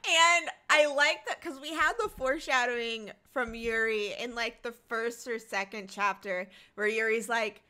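Bright-voiced woman in casual chat. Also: a little high, moderate pace, few pauses, smooth. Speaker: podcast co-host. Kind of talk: casual book club chat.

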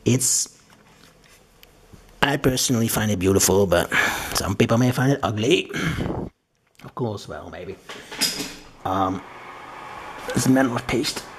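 A man's voice: fairly low pitch, expressive, a little slow, long pauses, slight background noise. A man giving a casual, rambling unboxing commentary, muttering to himself and swearing freely. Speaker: tech vlogger.

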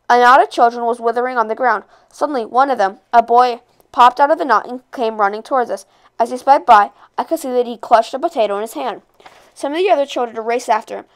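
A woman reading a novel aloud, expressive, with occasional slips and rereads. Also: on the high side. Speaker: read-aloud narrator.

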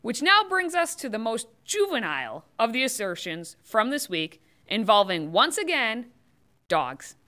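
A woman's voice: a little high, very animated, a little slow, pushed and bright. A woman hosting scripted political commentary, delivering it with sarcastic, mocking asides.

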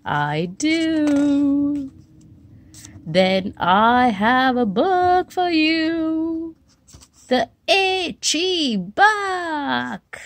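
A woman doing an eager little cartoon pig, high and bouncy. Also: big pitch swings, very slow, full character voice.

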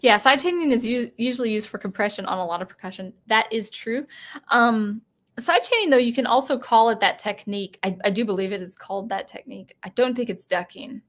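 A woman's voice: a little high, fairly quick. A woman hosting a casual live-stream chat, talking in a rambling way with many restarts and self-corrections. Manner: chatty and reading viewer comments aloud.

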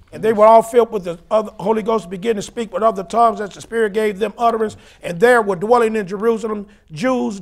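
A man preaching and teaching scripture, emphatic, rising to shouts and spelling out words. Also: high-pitched, gravelly. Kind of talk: sermon-style Bible teaching.

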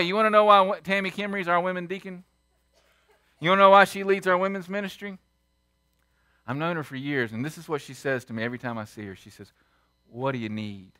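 A man preaching a sermon as pastor, emphatic and full of rhetorical questions, swinging between loud and hushed. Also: high-pitched, no echo, clean studio sound. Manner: asks the congregation many rhetorical questions. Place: church sanctuary.

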